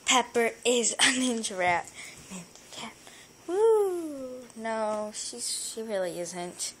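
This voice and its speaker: A young woman with a high voice chatters playfully at her pets in a casual home vlog, giggling and making silly sound effects. Her pitch leaps all over, and she talks at an unhurried pace. She is recorded on a phone at home, with faint background noise. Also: very animated, rough recording. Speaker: vlogger filming her pets. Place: home indoors. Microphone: phone camera.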